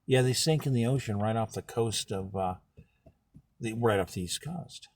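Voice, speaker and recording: A man speaking as a political candidate, telling a history story in an animated way and acting out the people in it. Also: fairly low pitch, normal speed. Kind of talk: campaign talk with storytelling.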